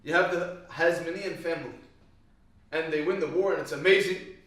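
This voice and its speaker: Male Torah teacher, slightly high voice, animated and questioning, recorded from across a very echoey classroom. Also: moderate pace. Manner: animated storytelling, quizzes the audience. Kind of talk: lively Torah class to a live group. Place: classroom with a small live audience. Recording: echoey room, voice from far off.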